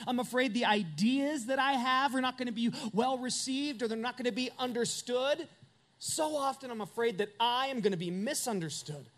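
A man's voice: extremely high pitch, moderate pace, a bit bright. A middle-aged man preaching a sermon as pastor, earnest and confessional, building to emphatic peaks.

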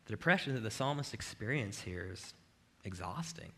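A man's voice: fairly low pitch, expressive, moderate pace, bright, forceful tone. A male pastor giving a conversational sermon in a church, with frequent rhetorical "right?" asides. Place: church with video cameras.

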